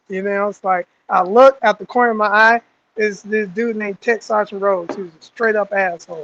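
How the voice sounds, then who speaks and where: A man's voice: high-pitched, a little fast, dull audio, slight background noise. A man with a Southern American accent telling a story in casual chat, acting out the voices of the people in it. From Southern United States. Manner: animated, acts out voices in stories. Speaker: guest fighter.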